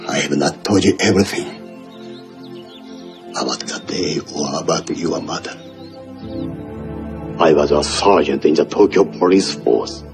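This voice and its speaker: Solemn dad, thick japanese accent, super deep voice, music behind. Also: male voice. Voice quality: solemn, measured. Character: grave father, former police sergeant. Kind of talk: film dialogue.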